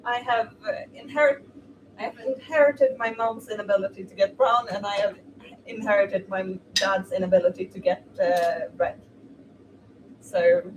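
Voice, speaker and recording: A woman's voice: medium pitch, measured pace. Chatty woman cooking, distant mic. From Sweden. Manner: chatty, exclamatory, laughs easily. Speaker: streamer. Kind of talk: casual chat while cooking. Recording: distant mic with noisy background.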